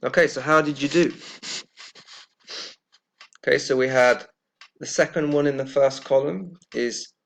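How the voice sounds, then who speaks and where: A man gives a pronunciation lesson, talking at an unhurried, measured pace. His voice has a gravelly, creaky edge, and he repeats each example word carefully so it can be heard clearly. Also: mid-range voice. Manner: slow and deliberate, repeating words carefully. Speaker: English teacher.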